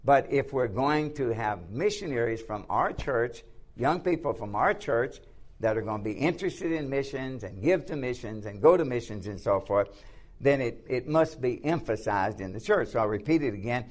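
A man's voice: medium pitch, expressive, normal speed. A man teaching a class on church missions from slides. He uses many fillers and restarts, repeats his points for emphasis and keeps checking in with "okay?". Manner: repetitive, filler-heavy, restarts often. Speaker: missions instructor.

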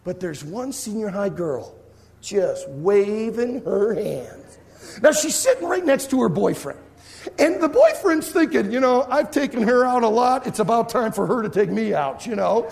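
A middle-aged man, a youth pastor, telling a funny story in a sermon and acting out his own shouting and cheering. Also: sits high, big pitch swings, a little slow, vocal fry.

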